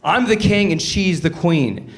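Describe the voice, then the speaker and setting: A man's voice: sits high, lively intonation, a little slow. A man from Canada in his forties doing a wry stand-up routine on a stage, acting out both sides of arguments. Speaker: stand-up comedian. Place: comedy stage before a live audience.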